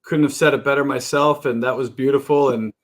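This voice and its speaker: A man's voice: mid-range voice, steady tone, a little fast. A man hosting a casual podcast interview, eager and often restarting his sentences.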